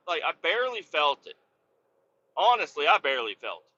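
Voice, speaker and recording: Bright-voiced, profane male storyteller. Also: on the high side, a little fast, dry recording, muffled recording. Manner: profane, animated, repeats himself. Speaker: podcast host and storyteller. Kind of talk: casual storytelling.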